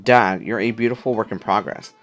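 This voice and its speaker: A man's voice: on the low side, fairly even intonation, fairly quick, fairly bright tone, soft background music, lightly acted. A man reading the lines of a cheeky teenage daughter who teases her dad in an upbeat way. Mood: teasing.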